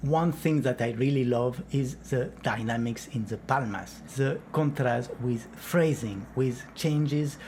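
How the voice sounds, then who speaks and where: A man's voice: mid-range voice, takes it slowly, few pauses, over music. A man teaching flamenco rhythm and clapping, explaining step by step and counting beats aloud.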